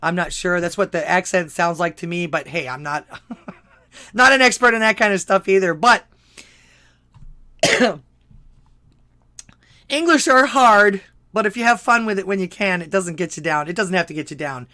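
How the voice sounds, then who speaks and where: A man's voice: sits high, normal speed, bright, forceful tone. A man with a Texan accent hosting a call-in talk show, rambling and correcting himself as he gives his opinions. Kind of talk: casual solo commentary.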